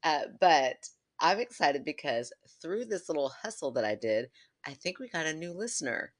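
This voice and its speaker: Giggly low-voiced woman podcast co-host. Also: moderate pace. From United States. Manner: giggly, animated, laughs often. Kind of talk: casual chat and story reading.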